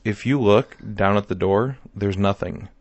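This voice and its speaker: A man's voice: fairly low pitch, measured pace, darkish tone, dry recording, muffled recording. A man hosting a comedy podcast, casually running through odd news stories and teasing his co-hosts. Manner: wry, teasing, leads the segment. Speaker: podcast host.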